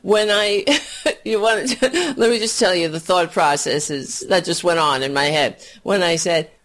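A hoarse woman doing a profane, scornful political rant on a livestream, often clearing her throat and laughing. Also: fairly low pitch, unhurried, fairly bright tone. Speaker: political commentator.

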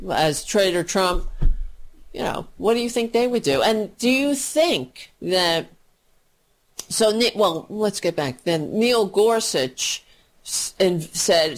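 A woman filling in as a radio talk host, ranting about politics in a profane, indignant and sarcastic way. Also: lowish voice.

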